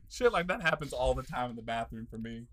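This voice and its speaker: A man on a casual podcast, telling profane stories loudly and laughing through them. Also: mid-range voice, expressive, fairly quick, heavy background noise. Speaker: podcast co-host. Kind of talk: casual storytelling chat.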